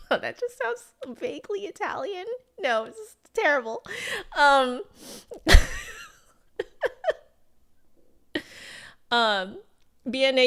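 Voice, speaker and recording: A woman's voice: mid-range voice, clear, resonant tone. American woman flute streamer chatting with viewers, friendly, lots of um and like. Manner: chatty and friendly, with many ums and likes. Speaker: flutist streamer. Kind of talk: casual livestream chat answering viewers.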